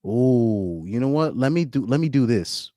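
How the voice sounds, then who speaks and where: A man's voice: medium pitch, animated, measured pace, mellow, no room sound, studio quality. A man doing casual live-stream commentary, rambling and repeating words, often breaking into laughs.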